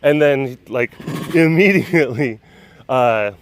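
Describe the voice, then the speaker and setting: A man's voice: mid-range voice, slow pace, slight background noise. Rambling man coaxing a big cat outdoors. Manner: rambling, laughing storyteller who shifts to hushed coaxing talk with a big cat. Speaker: vlogger at a big cat facility. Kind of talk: casual vlog chat. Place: outdoors by animal enclosures.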